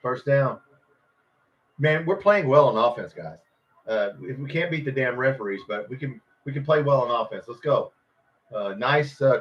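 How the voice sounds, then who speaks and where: A man hosting a live football watch party, reacting to every play with frustration and swearing at players and referees. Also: mid-range voice. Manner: frustrated, swearing, yelling at the game. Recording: dull lo-fi stream audio.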